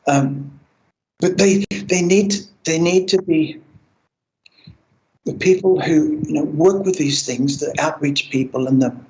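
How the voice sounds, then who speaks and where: An older man, telling his own story in a halting, reflective way, with restarts. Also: on the high side, highs cut off. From Australia. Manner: halting, with frequent restarts and soft laughs. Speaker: interviewee sharing lived experience. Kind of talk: reflective personal account.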